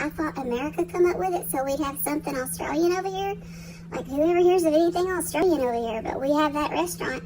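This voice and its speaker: A woman's voice: high voice, noisy background. A tired woman chatting casually to camera from a hospital room, in a folksy, rambling way. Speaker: vlogger.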